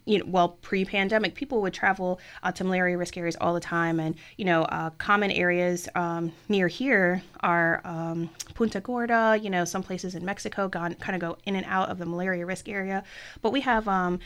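A woman's voice: lowish voice, steady tone, moderate pace, a bit bright, smooth. A woman talking about her blood services work in a chatty, enthusiastic way, with lots of fillers. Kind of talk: casual interview talk.

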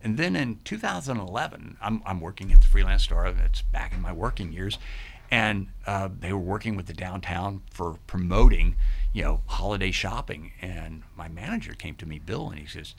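A middle-aged man, a podcast guest, telling animated stories and acting out quoted voices. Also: deep voice, normal speed, gravelly, slightly rough. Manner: lively, acts out quoted voices. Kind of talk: animated storytelling.

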